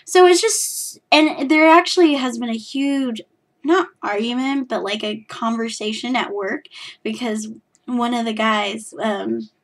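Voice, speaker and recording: Young californian woman rambling about her knitting, lots of ums, voice a bit on the high side. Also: measured pace. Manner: rambling, self-deprecating, many fillers and restarts. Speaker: podcast host. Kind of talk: casual knitting podcast chat.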